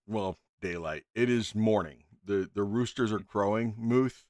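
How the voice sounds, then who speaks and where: A man's voice: lowish voice, measured pace, a little mellow, no echo, clean studio sound. A man narrating as game master in a casual tabletop game, laid-back with frequent ums and chuckles.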